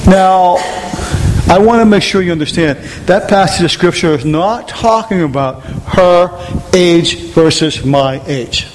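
A man's voice: sits high, unhurried. A middle-aged man preaching a sermon in a casual, emphatic way, repeating himself to drive points home. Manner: emphatic, repetitive, conversational preaching. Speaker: pastor. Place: church sanctuary. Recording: reverberant church hall, faint noise.

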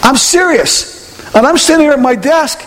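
A man's voice: extremely high pitch, animated, normal speed, fairly bright tone. A middle-aged man preaching a sermon in a casual, emphatic way, repeating himself to drive points home. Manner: emphatic, repetitive, conversational preaching. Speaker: pastor. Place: church sanctuary. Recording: reverberant church hall, faint noise.

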